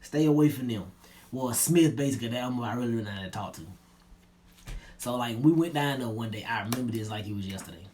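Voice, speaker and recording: A man's voice: fast talker, a little hiss or hum. Laid-back young man telling a story. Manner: laid-back slangy retelling, drops low and quiet at line ends. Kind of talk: casual storytelling.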